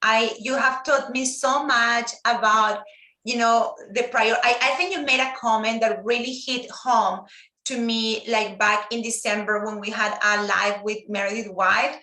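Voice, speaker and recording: Spanish-native woman on a video call, high bright voice, heartfelt, keeps restarting, echoey room. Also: steady tone, unhurried. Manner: earnest, heartfelt, many restarts. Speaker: guest teacher. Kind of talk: casual live-stream chat.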